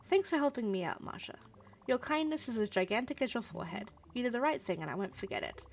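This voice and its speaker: A woman's voice: fairly high pitch, big pitch swings, quick pace, a little hiss or hum. A woman voicing an elegant widow in a video game, gracious on the surface and sarcastic underneath. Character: elegant widowed woman, sweetly cutting and proud.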